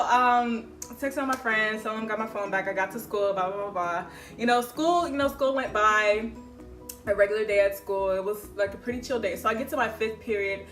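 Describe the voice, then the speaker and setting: A young adult woman telling a casual storytime to camera, slangy and swearing freely, loudly acting out the conversations she recounts. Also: mid-range voice, moderate pace, faint music behind. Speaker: vlogger.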